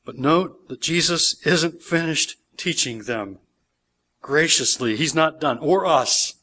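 A pastor preaching in church with a fairly high voice. He reads scripture passages aloud with emphasis, then explains them verse by verse in an earnest preaching manner. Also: slow, sharp tone, husky. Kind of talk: sermon.

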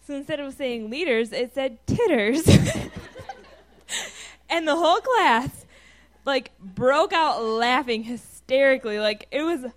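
A young woman student telling a funny class story, giggly and animated. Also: high voice, slow pace. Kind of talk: casual storytelling.

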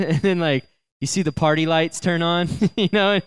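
A young man telling a story to a youth crowd, chatty and animated, laughing as he goes. His voice sits fairly high and sounds smooth and clear, and his talk is full of casual fillers. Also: normal speed. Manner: animated, chatty, laughs often, many fillers like "you know". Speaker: youth speaker.

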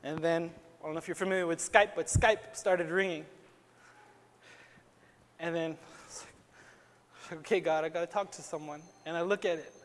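A man's voice: a little high, steady tone, moderate pace, pauses often. A young man giving an earnest, conversational personal testimony as a sermon, full of casual fillers. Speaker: speaker at a Christian gathering. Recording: long hall reverb.

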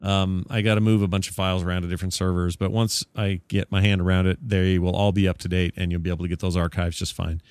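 A male podcast host who chats casually in a lowish voice and jokes a lot as he rambles through sponsor reads and listener notes. The dry, close mic gives a tight sound with no room. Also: flat delivery, quick pace, hardly any pauses, darkish tone, smooth, no echo. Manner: jokey, rambling, corrects himself.

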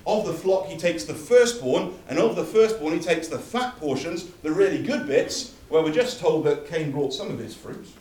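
A man's voice: a little high, expressive, moderate pace, hardly any pauses, darkish tone. A man preaching a sermon, emphatic and building through repeated phrases, recorded from a distance in a church hall. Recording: echoey hall from far off.

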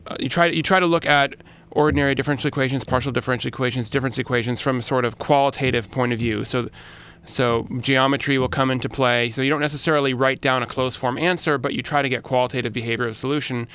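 A man's voice: medium pitch, fairly even intonation, quick pace, a bit bright, a little hiss or hum. A man with a Californian American accent, a guest mathematician explaining his field casually, with many restarts and fillers in a radio studio. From Los Angeles. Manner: chatty, self-deprecating, frequent restarts and "um"s.

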